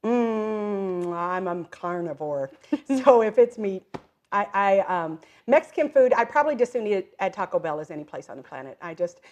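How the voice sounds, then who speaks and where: A middle-aged woman with a medium-pitched voice talks at a moderate pace as a guest on a casual interview, where she's a direct-selling entrepreneur. She tells her stories with energy, laughing often and acting out the voices of people she quotes, with plenty of "um" and "like" along the way.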